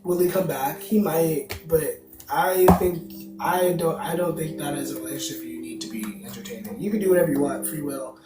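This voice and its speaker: A man's voice: on the high side, moderate pace. Chatty man reading tarot on livestream. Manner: rambling, chatty, answers viewer comments aloud. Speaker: tarot card reader, livestream host. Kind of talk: casual livestream chat. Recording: roomy, distant mic, music behind. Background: music playing.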